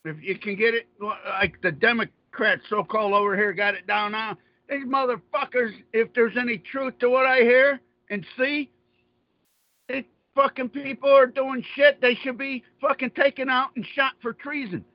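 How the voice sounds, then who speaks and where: A man's voice: extremely high pitch, steady tone, normal speed. A man rants in heated, profane bursts, circling back to the same points again and again. The sound is dull and lo-fi, and the room is dry with no echo. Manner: angry, profane, repetitive. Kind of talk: heated political rant.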